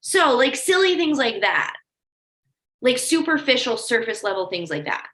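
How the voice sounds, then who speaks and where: A woman's voice: fairly high pitch, sing-song, moderate pace, a bit bright. A woman coach giving a casual training talk, chatty and filling her sentences with "like". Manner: chatty, lots of "like", storytelling asides. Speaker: life coach leading a training. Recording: echoey room.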